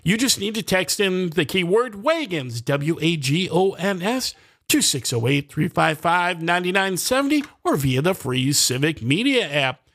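Easygoing male morning-show co-host with a slightly high voice, reading promos between jokes. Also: sing-song, normal speed, few pauses, fairly bright tone. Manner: easygoing, reads announcements, laughs along. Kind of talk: casual on-air banter.

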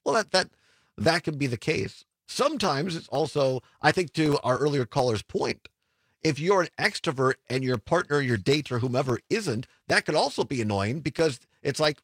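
A man hosting a radio talk show in casual, upbeat chat, laughing easily and slowing down for phone numbers. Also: on the high side, expressive, fairly bright tone, breathy edge, no echo.

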